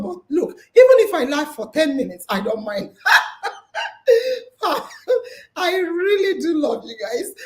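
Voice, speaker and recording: Bubbly high-voiced woman who laughs often. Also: echoey room. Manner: bubbly, laughs often, talks to listeners as family. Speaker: podcast host. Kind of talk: casual live-stream chat.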